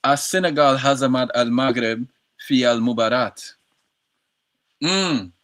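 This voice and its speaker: A man's voice: mid-range voice, a little slow, a bit bright. A man on a casual livestream practicing Arabic words, repeating them over and over in a slangy, playful way. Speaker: streamer learning Arabic.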